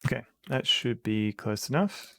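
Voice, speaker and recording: A man's voice: mid-range voice, animated, moderate pace, vocal fry, a bit bright, slight background noise. A man streaming a computer game, thinking aloud hesitantly and reading the game's text out. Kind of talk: casual gameplay commentary.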